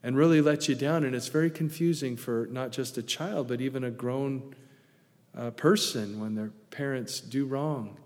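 A man's voice: mid-range voice, normal speed, a little mellow, big-room sound. A middle-aged man preaching a sermon as a pastor, folksy and conversational, with casual asides.

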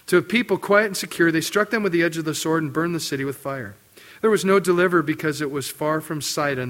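Male pastor, middle-aged, sermon, animated storytelling, acted quotes. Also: on the high side.

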